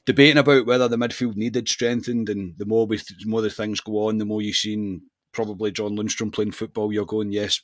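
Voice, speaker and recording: A man's voice: lowish voice, no room sound, studio quality. A Scottish man co-hosting a football podcast, talking in a casual, matey way with frequent restarts. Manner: chatty, says mate constantly, self-mocking laughs. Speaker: podcast co-host.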